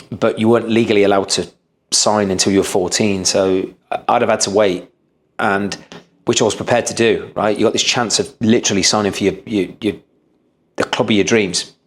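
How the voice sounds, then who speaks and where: Podcast guest, man, 30s, lowish voice, earnest storyteller who restarts sentences. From England. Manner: earnest, frequent restarts and repeated words. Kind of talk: storytelling interview.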